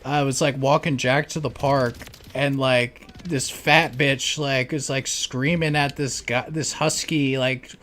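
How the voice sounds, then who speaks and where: A young man telling neighbor stories in casual chat, rambling and profane, packing every sentence with "like" and breaking into loud mocking voices. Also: flat delivery, a little slow, few pauses, slight background noise. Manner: rambling, profane, heavy use of "like"; mimics neighbors in loud high-pitched voices.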